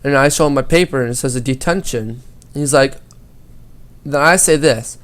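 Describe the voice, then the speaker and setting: A man's voice: mid-range voice, moderate pace, a bit bright. A teenage boy gaming YouTuber telling a school story over gameplay, rambling and swearing a lot.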